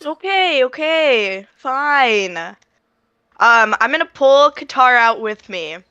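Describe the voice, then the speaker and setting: A woman talks through her moves in a casual tabletop game, chatty and apologetic, with lots of fillers. Her voice is bright, smooth and clear. It is recorded close and dry. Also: sits high, expressive, takes it slowly, no room sound, muffled recording. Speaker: player. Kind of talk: casual tabletop role-play.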